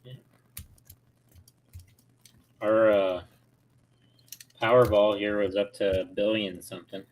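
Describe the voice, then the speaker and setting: Easygoing man in his forties, low voice. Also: steady tone, takes it slowly, poor audio. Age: 40s. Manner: easygoing, rambling explanations. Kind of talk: casual chat.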